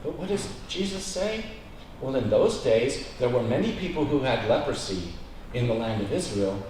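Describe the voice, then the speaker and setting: A man's voice: mid-range voice, expressive, moderate pace, darkish tone. A man preaching a sermon as pastor, telling stories and acting out the voices in a joke. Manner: storytelling preacher, acts out dialogue in a joke. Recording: echoey room, mic at a distance, faint hiss.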